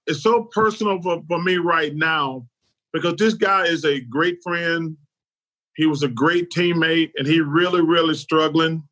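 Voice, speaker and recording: A man's voice: fairly high pitch, a little slow, fairly bright tone, poor audio. A middle-aged man co-hosting a talk show, speaking earnestly and emotionally and drawing out his words. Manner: earnest, choked up, drawn out. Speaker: co-host.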